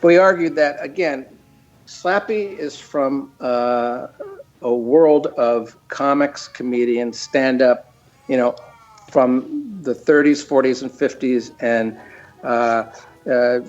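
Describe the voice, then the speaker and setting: An older man, a cartoon creator and guest, telling stories in a casual chat, halting with many fillers. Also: medium pitch, highs cut off, faint music behind.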